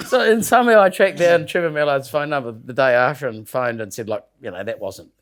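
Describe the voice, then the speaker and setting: This mid-range male voice, slightly fast, belongs to a New Zealander who regularly appears on a casual podcast. He tells a wandering anecdote, laughing and swearing offhandedly throughout.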